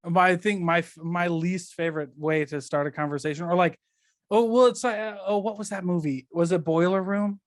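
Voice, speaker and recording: A man's voice: high voice, fairly even intonation, a little fast, no echo, studio quality. A man chatting casually as a podcast guest, rambling and leaning on fillers as he talks. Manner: rambling, filler-heavy, laughs often. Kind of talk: casual conversational chat.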